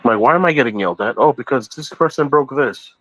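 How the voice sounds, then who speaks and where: A man in loose, rambling podcast conversation. He circles back over his points and laughs easily, at a middling pitch. The sound is dry and close, with no room echo. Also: animated, quick pace, fairly bright tone. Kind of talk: casual chat.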